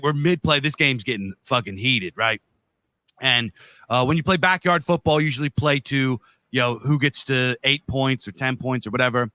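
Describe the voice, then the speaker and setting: A man's voice: medium pitch, bright, forceful tone, clean tone. A man co-hosting a podcast, telling a long story in a loose, profane, rambling way. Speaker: podcast co-host.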